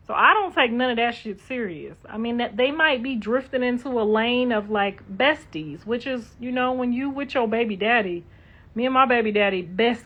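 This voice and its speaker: A middle-aged woman hosting a livestream, chatting casually and reading comments in a blunt, profane, sassy way. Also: on the high side. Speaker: livestream host. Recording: dull lo-fi livestream audio.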